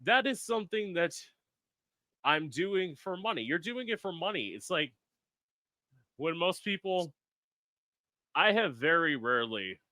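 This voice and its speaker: Bright, blunt, animated podcast host man. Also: on the high side, measured pace, pauses often, dry recording, studio quality. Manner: blunt, profane and animated, acts out quotes. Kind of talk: casual podcast chat.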